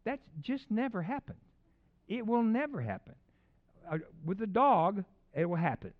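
Animated male preacher, muffled recording. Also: high voice, moderate pace. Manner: animated, swings from loud bursts to hushed asides. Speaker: pastor. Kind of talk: sermon storytelling.

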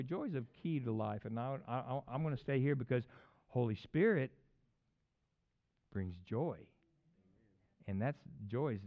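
A man preaching a casual, animated sermon that swings from quiet talk to loud, excited peaks. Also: mid-range voice. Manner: animated, conversational preaching with sudden loud peaks and acted voices. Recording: dull lo-fi recording.

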